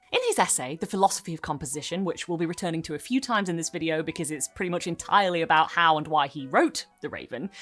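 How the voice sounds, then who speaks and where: A woman giving an emphatic scripted narration for a literary video essay, with dramatic pauses. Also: on the low side.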